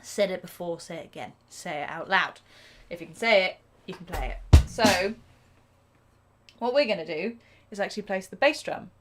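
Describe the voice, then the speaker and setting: A woman's voice: fairly low pitch, normal speed, soft background music. Chatty woman teaching drums. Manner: chatty and self-deprecating, counting beats aloud. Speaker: drum teacher. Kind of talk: live-streamed drum lesson. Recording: drum kit playing loudly behind.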